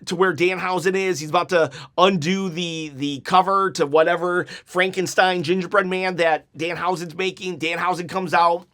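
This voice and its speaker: A man with a fairly high voice reviews a wrestling episode in a loose, rambling way. He leans on filler words and laughs now and then. He is sarcastic too, and slips into mocking little quotes. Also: moderate pace, few pauses. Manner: animated, rambling, frequent "like" fillers; sarcastic, mock-quoting wrestlers in put-on voices. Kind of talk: casual video review.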